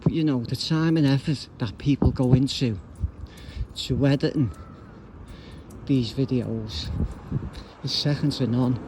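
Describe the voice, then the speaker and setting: A blunt, rambling man talks into his phone while strolling outside. His voice sits at an ordinary middle pitch, and clear traffic and street noise run behind him. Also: a little slow, long pauses. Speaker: YouTuber. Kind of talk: casual vlog rant while walking. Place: outdoors on a street.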